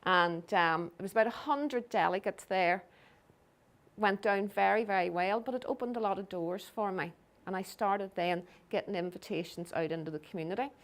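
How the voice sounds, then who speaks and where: A middle-aged woman speaks with a Belfast accent, delivering a public lecture over slides. She tells it as a story and slips into the voices of the people she quotes, at an ordinary, medium pitch. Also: normal speed. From Northern Ireland.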